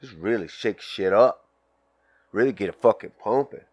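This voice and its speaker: Man, low voice, dry close sound, crude rambling podcast rant, smoking a joint. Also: normal speed, a little mellow, no echo. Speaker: podcast host. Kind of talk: casual solo podcast rant.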